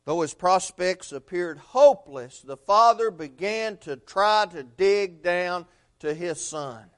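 A man preaching a sermon, telling a story earnestly and swinging between loud and hushed delivery. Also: sits high, animated, takes it slowly.

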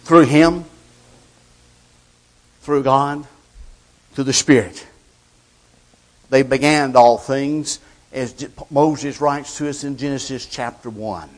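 A man preaching a sermon, slow and deliberate, swinging between loud declarations and hushed lines. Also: mid-range voice.

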